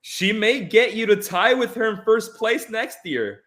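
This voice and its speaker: A man hosting a casual film podcast, animated and repeating phrases for emphasis. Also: high voice, a little slow. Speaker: podcast host. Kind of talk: casual chat.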